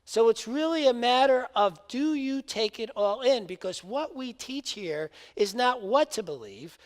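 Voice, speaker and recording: A man giving a sermon as a spiritual minister, telling a story and speaking emphatically, in a reverberant hall. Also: extremely high pitch.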